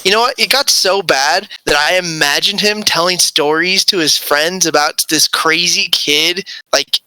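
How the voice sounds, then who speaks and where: A man hosting a relaxed podcast among friends, teasing and telling animated stories. His voice is very bright and crisp. The recording is dry and close. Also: on the high side, unhurried, dry recording, low-quality recording. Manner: joking, teasing, animated storyteller. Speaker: podcast host. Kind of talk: casual chat.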